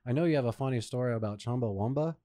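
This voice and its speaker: A man's voice: medium pitch, very fast, mellow. A man hosting a casual podcast interview, eagerly asking questions and reacting. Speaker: podcast host.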